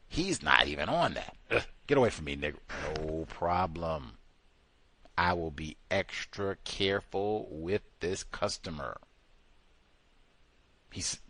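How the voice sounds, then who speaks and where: A man hosting call-in talk radio, animated and mocking, laughing often as he riffs on a caller's story. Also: sits low, unhurried, no room sound. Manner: animated, mocking voices of others, frequent laughter. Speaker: radio show host.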